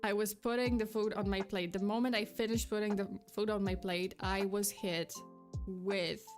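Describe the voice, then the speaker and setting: A young woman tells a story on a livestream in a loose, rambling chat, full of fillers and restarts. She sounds slightly out of breath, and faint music plays softly behind her. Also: mid-range voice, fairly even intonation, moderate pace. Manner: chatty, rambling, with frequent fillers and restarts, breaking off to thank chat. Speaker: VTuber streamer.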